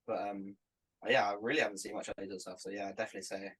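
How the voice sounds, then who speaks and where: A man chats in a relaxed, halting way on a casual podcast, often pausing on fillers. His voice is a bit low. It has a husky edge. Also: low-quality recording. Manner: laid-back, hesitant, many fillers.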